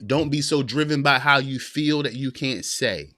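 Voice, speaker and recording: Male podcast host, 30s, mid-pitched, preaches earnestly to brothers, dry sound. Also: normal speed, bright, forceful tone, no echo. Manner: earnest, preachy, repeats phrases, addresses "bro" and "man". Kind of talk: livestream motivational talk.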